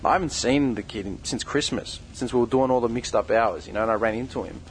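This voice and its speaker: A man's voice: medium pitch, quick pace, slight background noise, poor audio. A young man who co-hosts a podcast, delivering a heated, confrontational rant full of swearing. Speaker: podcast co-host. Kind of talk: angry direct-address rant.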